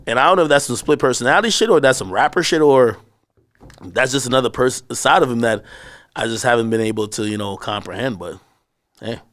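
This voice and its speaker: Male guest, casual interview storyteller, animated, swears a lot. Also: mid-range voice, fairly quick. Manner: animated storyteller, acts out shouted quotes; profane, slangy.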